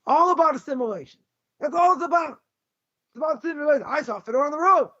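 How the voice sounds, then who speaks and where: A rabbi giving a Torah lecture, blunt, combative and sarcastic. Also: male voice, very high voice, fast, sharp tone. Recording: dull lo-fi recording.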